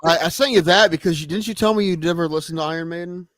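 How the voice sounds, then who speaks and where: A man's voice: on the high side, very fast, a bit bright, no room sound, clean studio sound. Laid-back man chatting on a podcast. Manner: laid-back, conversational, mild swearing. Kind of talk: casual chat.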